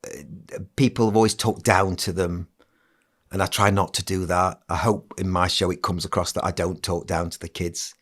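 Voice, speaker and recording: A man's voice: low-pitched, flat delivery, moderate pace, fairly bright tone. A middle-aged man, a ventriloquist, chatting casually in an interview with many restarts. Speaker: ventriloquist and entertainer, guest.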